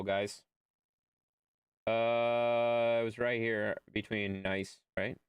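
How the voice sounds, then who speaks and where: A man streaming a game live, chatting casually with his viewers, animated and playful with repeated phrases. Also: mid-range voice, very slow, long pauses, clear, resonant tone, dry recording.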